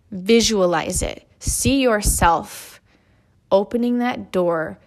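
A woman in her thirties, an author, speaking earnestly in a motivational monologue, stressing points by repeating phrases in lists. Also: mid-range voice.

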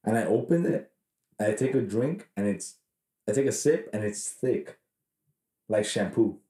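Podcast co-host, male, low mellow voice, rambling profane storyteller, echoey room. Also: animated, unhurried. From Mexican heritage. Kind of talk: casual chat.

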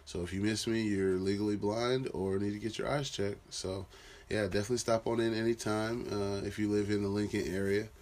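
A deep-voiced man tells a story from his own life. His talk is casual and rambling, with lots of fillers and restarts as he goes. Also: steady tone, a little fast, a little mellow. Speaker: father telling a personal story.

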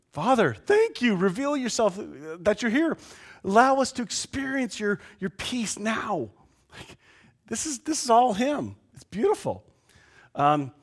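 Animated man preaching a sermon. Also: high voice. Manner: animated, swings from loud outbursts to quiet asides. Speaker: pastor. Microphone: lapel mic.

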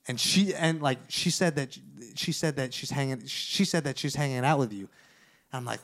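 A man hosting a podcast, telling a story in casual chat, animated and profane, acting out the lines of the people in it. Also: medium pitch, fast. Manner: animated, profane, acts out quoted dialogue. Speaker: podcast host.

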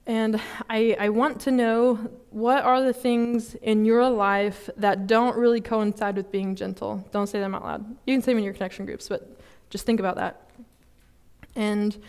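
A young woman giving a sermon at a student fellowship, casual and chatty, with many fillers and quick laughs at herself. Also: mid-range voice, a little mellow, clear, resonant tone. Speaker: student ministry speaker. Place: church service hall.

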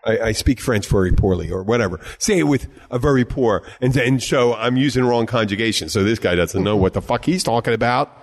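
A man's voice: medium pitch, a little fast, hardly any pauses. Male podcast host, rambling and emphatic, restarts often and swears freely, casual chat.

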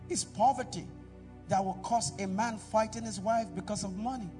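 High-voiced pastor preaching. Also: male voice, fast, breathy edge, recorded from a distance, soft background music. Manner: preaching with call-and-response to the congregation; swings between loud exhortation and quiet asides. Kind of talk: sermon. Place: church.

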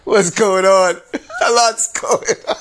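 A man hosting a podcast, giving casual, slangy commentary with frequent laughter and loud exclamations. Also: high voice, steady tone, slow, slight background noise. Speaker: podcast host.

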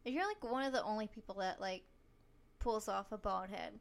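A woman's voice: mid-range voice, moderate pace, vocal fry. A woman co-hosting a casual chat, playful and teasing. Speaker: podcast co-host.

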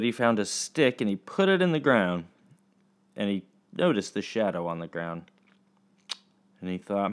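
Chatty low-voiced male teacher. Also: expressive, clean tone. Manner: chatty, halting with fillers. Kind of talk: storytelling lesson for children.

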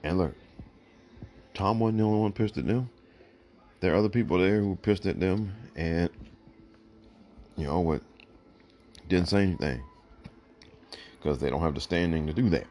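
A man's voice: low-pitched, normal speed, pauses often, darkish tone, a little hiss or hum. A man hosting his own show, giving blunt, emphatic opinions and often repeating "look" to drive points home, while fighting the hiccups. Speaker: podcast host. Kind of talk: opinionated solo commentary.

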